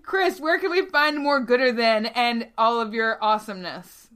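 A woman hosting a podcast in casual chat, playful and quick to laugh. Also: a little high, a bit bright, clear, resonant tone. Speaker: podcast host.

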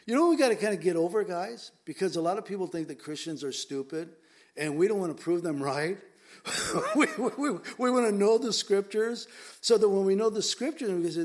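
Male preacher, slightly high voice, conversational sermon, earnest and emphatic with repeated words. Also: expressive, moderate pace.

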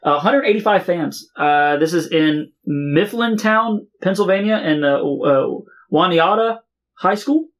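High-voiced male co-host, halting reader, casual and profane. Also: animated. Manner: reads results in a halting way with many uh fillers and swearing. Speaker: podcast co-host reading match results. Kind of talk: casual podcast chat.

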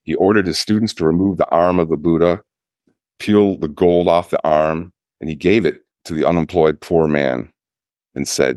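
A Zen priest giving a dharma talk, telling a teaching story in a slow, measured way with pauses. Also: male voice, a bass voice, a little mellow, no room sound, studio quality.

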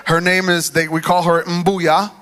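High bright-voiced preacher. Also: male voice, measured pace. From United States. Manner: animated, conversational, talks to the crowd. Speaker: guest preacher. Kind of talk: sermon storytelling. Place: church.

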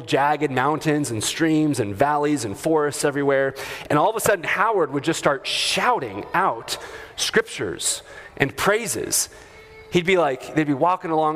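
A man's voice: fairly high pitch, expressive, moderate pace, fairly bright tone. Conversational male pastor in reverberant church. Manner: conversational, chuckling asides, many fillers. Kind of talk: sermon. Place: church sanctuary. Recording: long hall reverb.

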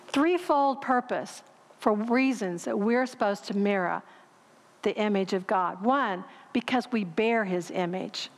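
A woman delivers a sermon at a middle pitch, keeping it conversational and tossing questions out to the congregation. Her voice carries a long reverb from the church hall around her. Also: a little slow. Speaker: speaker.

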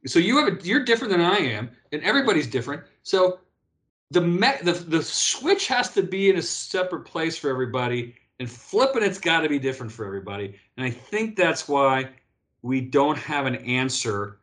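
A former professional athlete in his fifties, appearing as a guest in a relaxed interview, recounts stories animatedly while often restarting and doubling up words. His voice leans high and sing-song, fairly quick and a bit bright.

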